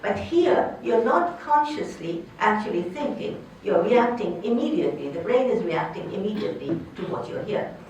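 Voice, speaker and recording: A woman's voice: normal speed, muffled recording, a little hiss or hum. An older woman, a linguistics professor, giving an academic lecture, explaining points and putting questions to her audience. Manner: explanatory, poses questions to the audience, lively pitch. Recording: echoey hall, distant from the mic.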